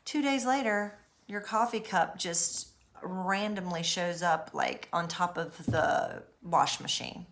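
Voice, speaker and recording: A woman talking casually to camera about recovery from abuse, in an animated storytelling way. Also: lowish voice, slow pace, gravelly.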